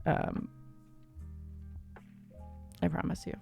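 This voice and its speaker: A woman hosting a casual livestream, chatty and giggly, breaking into high excited squeals. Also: extremely slow. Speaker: livestream host. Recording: dry close sound, faint music behind.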